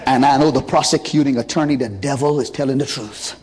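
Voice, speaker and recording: Preacher voicing Jesus, earnest pleading son. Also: male voice, mid-range voice, fairly quick, a little mellow, close to an everyday voice. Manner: earnest, repeating "Daddy" in pleading tones. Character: Jesus, grown son pleading to his father.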